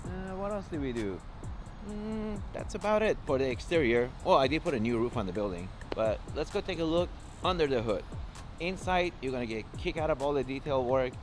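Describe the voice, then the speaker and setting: A man giving an upbeat vlog tour of his remodel, showing things off and pausing on fillers. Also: a little high, animated, faint music behind. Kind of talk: vlog walkthrough.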